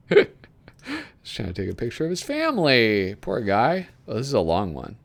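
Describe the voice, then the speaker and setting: A man's voice: mid-range voice, wildly swooping pitch, a little slow, gravelly. A man hosting a casual video, reading aloud from a magazine and rambling about it with frequent chuckles. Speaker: video host flipping through a magazine. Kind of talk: casual commentary.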